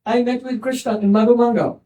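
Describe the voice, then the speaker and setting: A man playing a proud young cowherd girl in a retold sacred story, answering with a quiet boast. His own warm, high voice carries her, heard from some distance from the mic. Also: fairly even intonation, brisk, highs cut off. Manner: proud, defensive.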